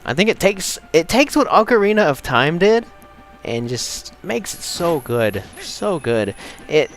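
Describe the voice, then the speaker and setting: A young man casually commenting while he plays a video game, excitable and rambling, with game music behind him. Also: a little high, measured pace. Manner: excitable, chatty, rambling with restarts. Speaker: let's play host.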